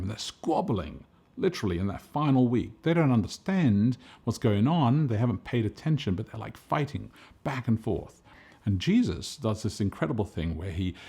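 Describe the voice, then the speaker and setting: A man with a husky, somewhat low and mellow voice gives a relaxed, conversational sermon. He tells the story with animated energy and often restarts his phrases as he goes. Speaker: pastor. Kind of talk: casual sermon talk.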